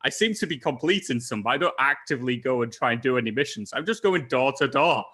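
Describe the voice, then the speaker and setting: A man's voice: mid-range voice, lively intonation, fast, pushed and bright, husky. A man with an Irish accent, co-hosting a casual podcast chat and telling stories in a wry, laughing, exasperated way. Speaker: podcast co-host.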